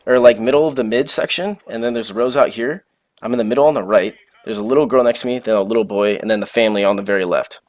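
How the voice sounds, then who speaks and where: A young man telling a story casually, animated and full of slang and swearing. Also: medium pitch, no echo.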